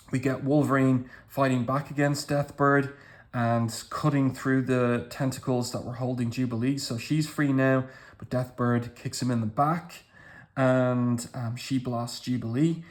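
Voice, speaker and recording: A man giving casual commentary as he walks through comic book pages panel by panel, with appreciative remarks. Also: mid-range voice.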